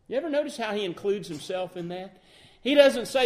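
Male preacher, sermon delivery, higher-pitched voice, earnest with emphatic swells and quiet reflective stretches. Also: sing-song. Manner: earnest, rising to emphatic peaks then quieting to soft reflection; quotes King James scripture in measured cadence.

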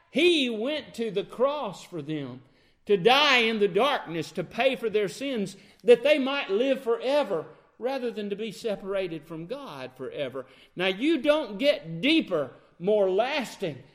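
A man's voice: high-pitched, a bit bright. A man preaching a sermon, emphatic, asking the congregation rhetorical questions.

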